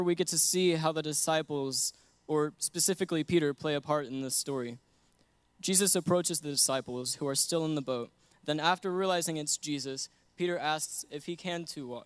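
Earnest young man preaching, clear voice. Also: a little high, dry recording. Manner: earnest, laughs between points. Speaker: guest preacher. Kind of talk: sermon with personal story.

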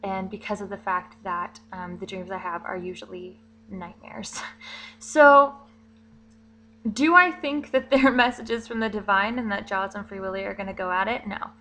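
Chatty young woman with a bright voice. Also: mid-range voice, fairly even intonation, moderate pace, slight background noise, poor audio. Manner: chatty, rambling with fillers and giggles. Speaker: vlogger. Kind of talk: casual vlog monologue.

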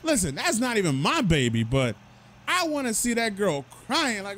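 Male gossip host: high voice, swooping delivery, mocking asides. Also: moderate pace, a little hiss or hum. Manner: animated, mocking asides to viewers. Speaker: commentary host. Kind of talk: gossip commentary.

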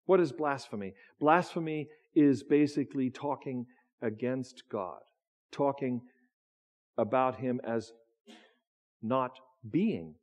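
A man preaching a sermon in a church, talking in a conversational way, often restarting his words and teasing the congregation. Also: mid-range voice. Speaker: pastor. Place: church sanctuary.

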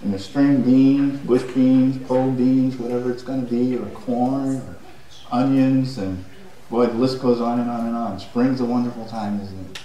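A man's voice: medium pitch, steady tone, normal speed, warm tone, highs cut off. A man giving a homey, rambling talk to a congregation, recorded from far off in a large room. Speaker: guest speaker. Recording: very echoey hall from far off.

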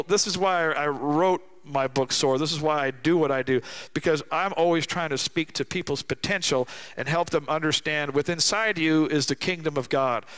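A man's voice: a little high, fairly bright tone. Emphatic middle-aged man preaching. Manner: emphatic preaching, slows down to stress key lines. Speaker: guest speaker. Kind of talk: sermon. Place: church.

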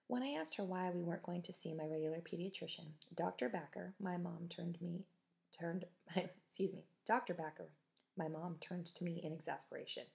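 A woman's voice: on the low side, gravelly, a little mellow. A woman reading a children's book chapter aloud, chatty, with casual asides to listeners. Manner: chatty, self-correcting. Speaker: audiobook reader.

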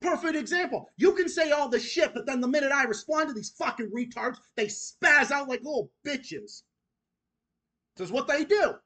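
A man's voice: very high-pitched, fairly bright tone. A man hosting his own channel, delivering an angry, profane, repetitive rant that goes straight at his critics. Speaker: channel host.

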